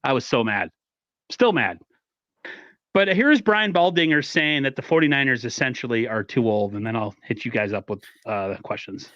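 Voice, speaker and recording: A man's voice: medium pitch, lively intonation, normal speed, fairly bright tone, no room sound, lo-fi sound. A man co-hosting a sports podcast, fired up and swearing freely. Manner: fired up, profane. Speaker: podcast co-host. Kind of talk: casual sports podcast chat.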